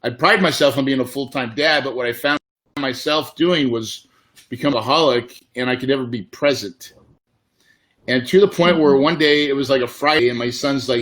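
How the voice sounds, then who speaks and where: A man's voice: mid-range voice, moderate pace, fairly bright tone. A middle-aged man, a real estate investor, telling a candid personal story in a casual, emotional way. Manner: casual, emotional, says dude and man often.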